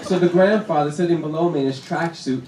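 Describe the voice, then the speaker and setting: A young man doing a stand-up set on a comedy club stage, punchy and deadpan, with laughter behind him. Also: on the high side, fast talker, a crowd in the background. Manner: punchy deadpan delivery with acted-out quotes. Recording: roomy club sound with noise. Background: audience laughter.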